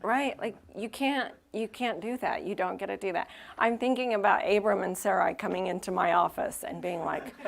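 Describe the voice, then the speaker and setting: A woman's voice: mid-range voice, normal speed, gravelly, hardly any pauses, slight background noise. A woman pastor preaching a sermon in a church, in a casual, conversational way, acting out the people in the story as she tells it. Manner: conversational, animated retelling with acted-out quotes. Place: church sanctuary.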